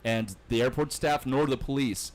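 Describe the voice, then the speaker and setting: A man's voice: medium pitch, normal speed. A man hosting a podcast, chatting casually, laughing often and swearing lightly. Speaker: podcast host. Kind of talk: casual chat.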